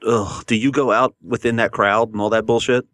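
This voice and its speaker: Male podcast co-host, casual and crude, deeper voice, dead-dry studio mic. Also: fairly even intonation, brisk, fairly bright tone, no echo. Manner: blunt, swears freely, laughs often. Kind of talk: casual profane chat.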